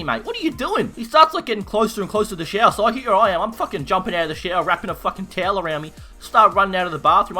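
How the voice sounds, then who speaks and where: A young Australian man telling a story in a rowdy, profane, animated way. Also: high voice. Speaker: YouTuber. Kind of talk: casual storytelling while gaming.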